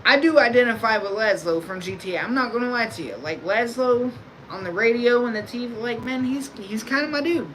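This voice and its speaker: A man's voice: extremely high pitch, lively intonation, fairly quick, fairly bright tone, slight background noise, poor audio. A man streaming live, talking to his audience in a loose, rambling, crude way. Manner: rambling, crude, laid-back. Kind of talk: casual live-stream chat.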